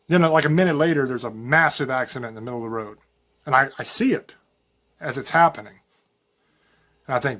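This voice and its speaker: Folksy man, higher-pitched voice. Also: lively intonation, fast, a bit bright. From rural Virginia mountains. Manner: folksy, rambling, storytelling with self-quoted asides. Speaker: podcast host. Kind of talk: casual spoken monologue.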